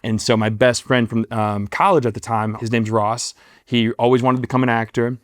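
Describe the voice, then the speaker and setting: A man's voice: mid-range voice, level tone, normal speed, dry recording, clean studio sound. A man in his twenties, a guest actor, telling a long story in a casual interview, rambling and self-deprecating with many fillers and restarts.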